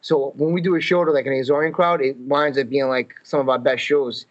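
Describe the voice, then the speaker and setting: A man's voice: medium pitch, a little fast, highs cut off. A man from Massachusetts, a comedian guest in a casual podcast chat, telling stories and acting out the quotes. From Fall River, Massachusetts. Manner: animated storyteller, acts out quotes.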